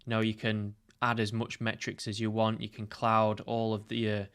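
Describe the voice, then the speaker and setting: Guy walking thru a marketing tutorial, lowish smooth voice, lots of "you know". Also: monotone, normal speed, fairly bright tone. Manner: explanatory, many "you know" fillers. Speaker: marketing coach. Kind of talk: screen-share tutorial.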